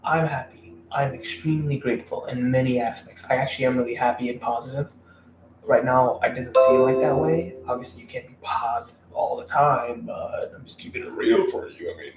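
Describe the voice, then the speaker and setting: A man's voice: medium pitch, a little mellow. A man giving blunt dating advice in a casual, rambling, profane rant to camera. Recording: roomy room, mic at a distance, faint background noise.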